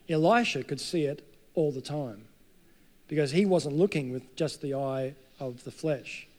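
A man preaching a sermon, earnest, climbing to emphatic peaks and sinking to soft, low passages.

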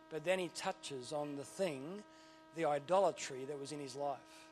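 Emphatic preacher, higher voice. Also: male voice, moderate pace, faint music behind. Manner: emphatic preaching, rising and falling in intensity. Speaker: pastor. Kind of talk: sermon.

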